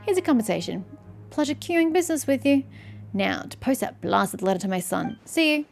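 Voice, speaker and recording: A woman's voice: sits high, sing-song, normal speed, gravelly, soft background music, heavily acted. A woman reading the lines of a flustered, hapless man in a video game. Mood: hurried.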